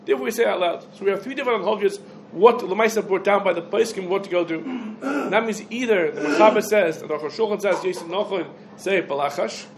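High-voiced man giving a quick Talmud lesson. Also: a little hiss or hum, rough recording. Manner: rapid, loose Hebrew-English lecture speech with restarts. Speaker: rabbi teaching a Talmud class. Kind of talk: halachic lecture to a class.

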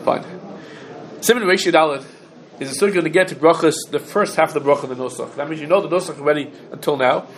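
A man's voice: on the high side, fast. A man teaching a halacha class, going through rulings step by step, quoting sources and asking questions. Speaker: Torah teacher.

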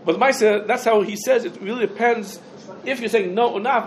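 A man with a fairly high voice gives a halachic lecture, talking it through out loud and dropping Hebrew and Yiddish terms into his English. Faint background noise sits under the recording. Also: brisk. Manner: thinks aloud, mixes Hebrew and Yiddish terms. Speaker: Torah teacher.

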